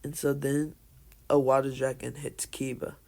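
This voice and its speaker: A man telling a casual, made-up fan story in a halting way, full of restarts and fillers. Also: mid-range voice, level tone, vocal fry, a little mellow. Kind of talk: casual fan-fiction narration.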